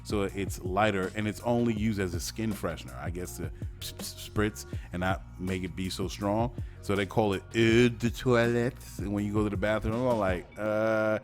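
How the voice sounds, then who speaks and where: Chatty man hosting a radio show, low voice. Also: fairly even intonation, moderate pace, soft background music. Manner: chatty, joking, rambling with fillers and restarts; breaks into silly mock-French voices. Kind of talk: casual podcast monologue.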